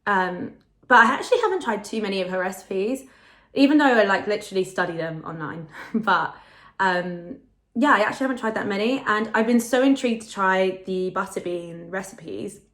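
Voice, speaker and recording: A woman's voice: mid-range voice, lively intonation, moderate pace, fairly bright tone. Young woman, chatty vlog-to-camera delivery, filler-heavy, echoey room. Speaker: food vlogger. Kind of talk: casual vlog chat to camera.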